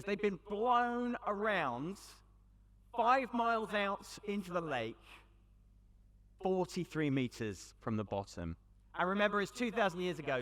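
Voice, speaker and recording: A man with a British accent giving a storytelling talk to a young audience at an event, conversational with dramatic pauses. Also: sits high, a bit bright. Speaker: youth event speaker. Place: large hall with audience. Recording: long hall reverb.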